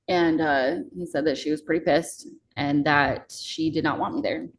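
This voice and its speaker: A young woman with a low voice shares a personal story as a podcast guest. Her tone is raw and casual, with plenty of swearing, and her voice has a gravelly edge. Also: fairly even intonation, normal speed, poor audio. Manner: candid, swears freely.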